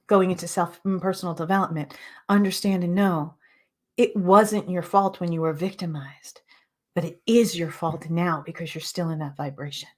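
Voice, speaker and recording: A woman hosting a spiritual self-help show, speaking in an impassioned, emphatic way and repeating phrases for force. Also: mid-range voice. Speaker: spiritual teacher and show host. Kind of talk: impassioned motivational monologue.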